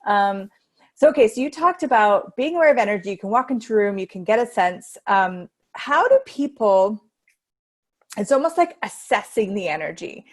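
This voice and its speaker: Woman host, enthusiastic, affirming, question-asking, medium pitch, video call. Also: lively intonation, normal speed. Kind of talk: interview chat.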